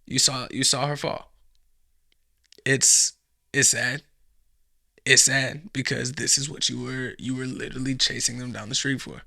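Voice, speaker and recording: Gravelly, blunt man ranting. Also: medium pitch, little pitch movement, unhurried, pauses often, pushed and bright, no room sound, clean studio sound. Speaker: host reacting to a video. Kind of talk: reaction commentary.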